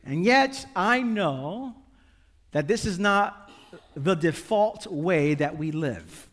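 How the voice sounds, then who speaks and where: A man preaching a sermon with a notably high voice. He talks to the congregation conversationally, asking rhetorical questions and adding light humor. His voice rings with the long echo of a large hall. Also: animated, takes it slowly, a bit bright. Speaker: pastor.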